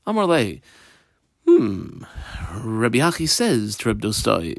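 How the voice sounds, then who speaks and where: A man's voice: mid-range voice, huge pitch swings, takes it slowly, vocal fry, long pauses. A man walks his listeners through a Talmud page line by line, his voice rising and falling with real animation. He plays out the characters with modern examples and keeps a playful tone. The sound is dry and close, with no room echo. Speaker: Talmud teacher.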